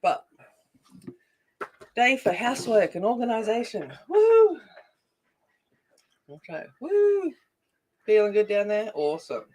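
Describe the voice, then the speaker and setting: An Australian woman hosting a casual colouring livestream. She chats while she works, greets viewers by name and thinks out loud. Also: mid-range voice, normal speed, pauses often. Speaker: adult colouring livestream host.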